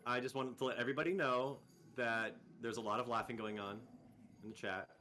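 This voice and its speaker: A man acting as game master for an online tabletop game, narrating in an animated, amused way from home over a call. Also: medium pitch, brisk, a little hiss or hum. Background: background music.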